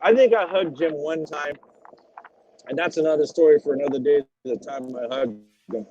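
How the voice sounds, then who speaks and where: A middle-aged man, a former drag racer, telling animated and salty stories as a podcast guest. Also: on the high side, normal speed, slight background noise. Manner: animated, swears freely, acts out quotes. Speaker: retired drag racing driver as podcast guest. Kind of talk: casual storytelling interview. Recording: dull lo-fi audio.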